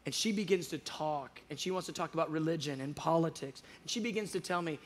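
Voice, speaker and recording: A man telling a personal faith story in casual chat, animated and acting out the dialogue, with frequent restarts. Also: fairly high pitch, fast talker, few pauses, slight background noise. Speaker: guest speaker on prayer show.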